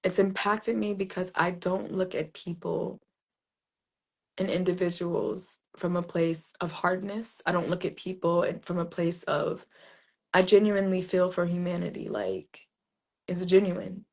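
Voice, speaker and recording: A woman's voice: lowish voice, fairly even intonation, a little slow, creaky, slightly rough. A woman poet being interviewed, telling a personal story in a casual, earnest way, with many "like"s and restarts. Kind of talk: reflective conversational storytelling.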